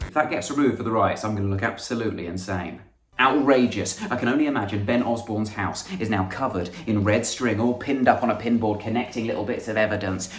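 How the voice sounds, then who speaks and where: A young man delivers a scripted comedy rundown in a dry, sarcastic tone, breaking now and then into mock-dramatic outbursts. His voice sits a little low. The recording has a noticeably roomy echo, with soft music playing behind him. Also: far from the mic. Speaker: comedian host. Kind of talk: scripted comic monologue. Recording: echoey room with faint music.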